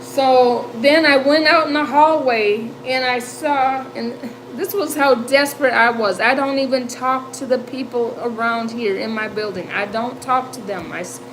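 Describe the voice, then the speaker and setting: A woman in her fifties hosting a livestream, telling a story in a chatty, animated way and laughing often. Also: on the high side, background noise. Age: 50s. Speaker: livestream host. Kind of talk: casual storytelling chat. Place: home.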